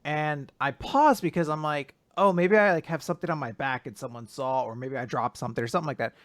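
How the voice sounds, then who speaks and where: A man's voice: mid-range voice, fast talker, a bit bright, dry recording. A man co-hosting a casual manga podcast, telling stories with wry, self-deprecating humor through his grief. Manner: grieving but joking, self-deprecating storytelling. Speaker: podcast co-host.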